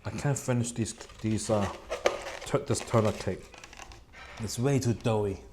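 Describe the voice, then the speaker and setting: At home near a computer, a man chats casually in a rambling vlog, his voice on the low side and unhurried, with background noise behind him. He tells stories and acts out what other people said in raised voices.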